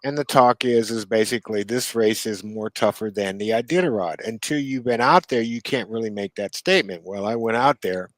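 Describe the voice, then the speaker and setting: A man co-hosting a casual podcast chat, telling unhurried stories with asides and chuckles. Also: on the low side, no room sound, poor audio. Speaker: co-host.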